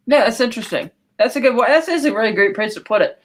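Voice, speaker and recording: A woman's voice: fairly high pitch, lively intonation. Podcast lady talking through a movie plot, chatty, tosses in character lines. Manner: chatty, quotes characters in quick asides. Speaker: podcast co-host. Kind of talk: casual film recap.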